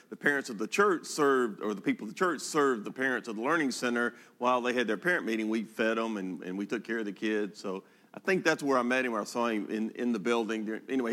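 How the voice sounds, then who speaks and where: A man's voice: mid-range voice, bright, forceful tone. An older man, a pastor, delivering a sermon and telling folksy, humorous stories from his own life. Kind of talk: sermon storytelling.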